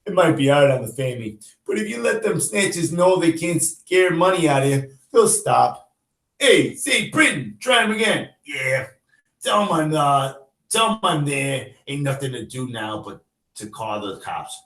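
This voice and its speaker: Guy doing gruff slangy reporter guys, loud and rough, echoey room. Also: a little high, expressive, a little slow, voice pushed up.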